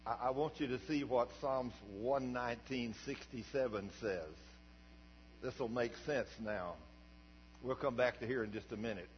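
Older folksy preacher in a reverberant hall. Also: male voice, medium pitch, moderate pace. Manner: folksy, animated, swings from quiet to shouting. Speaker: pastor. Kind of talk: sermon storytelling. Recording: dull recording with long hall reverb and mains hum.

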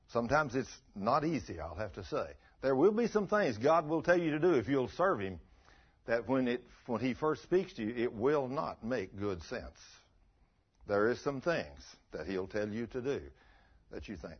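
Husky-voiced preacher, folksy sermon delivery, dull lo-fi recording. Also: male voice, mid-range voice. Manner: folksy storytelling, swings between soft and loud.

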